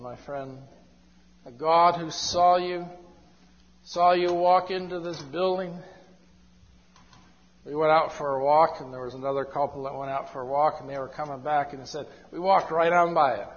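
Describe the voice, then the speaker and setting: A male preacher delivers a sermon in a slightly high voice, drawing his phrases out very slowly. The recording is dull and lo-fi, and long reverb rings through the church hall. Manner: slow, emphatic, drawn-out phrasing. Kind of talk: evangelistic sermon.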